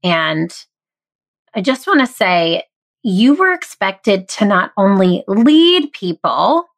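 A woman's voice: medium pitch, fairly bright tone. A woman in her thirties hosting a podcast, talking candidly and earnestly with self-deprecating humor. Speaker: podcast host. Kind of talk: motivational podcast monologue.

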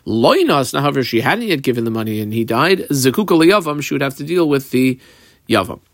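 Man, Talmud class teacher, lively swooping delivery, dry close sound. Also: mid-range voice, brisk, no echo. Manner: animated, mixes Hebrew-Aramaic terms into English explanation. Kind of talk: daily page Talmud class.

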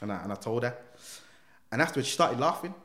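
A man's voice: mid-range voice, animated, fast talker, fairly bright tone. A young man telling a story in casual chat. He acts out the other people's voices and uses slang. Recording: echoey room.

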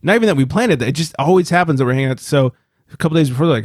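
A man's voice: mid-range voice, very fast, no echo, clean studio sound. A man co-hosting a casual podcast, swearing freely and acting out quotes as he tells stories. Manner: profane, animated storyteller acting out quotes. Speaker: podcast co-host. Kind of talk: casual chat.

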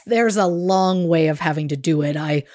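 A woman's voice: sits low, a little mellow, no echo, studio quality. A woman co-hosting a podcast, speaking candidly and wryly in casual chat, often restarting her sentences. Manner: candid, halting restarts, wry. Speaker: podcast co-host and researcher. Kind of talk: casual true-crime chat.

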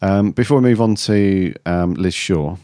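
A man with a low voice co-hosts a casual fan podcast. He talks loosely, chuckling and leaving sentences hanging. His voice is close and dry, with no room sound. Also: unhurried, dark tone, dry recording. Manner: rambling, chuckling, trailing off mid-sentence. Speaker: podcast co-host.

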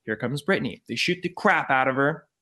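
A man telling a profane, animated personal story in casual chat. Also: medium pitch, a little fast.

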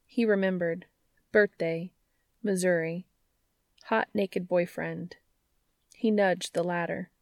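Woman narrator, fiction reading, low-ish gravelly voice, dry close sound. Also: steady tone, takes it slowly, long pauses, darkish tone, no echo. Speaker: audiobook narrator.

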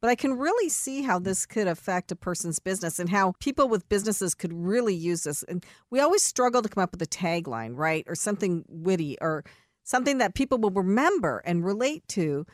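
A woman's voice: medium pitch, animated, a little fast, dry recording. Woman co-host, dry close sound. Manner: conversational, asks practical questions. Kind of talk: interview questions.

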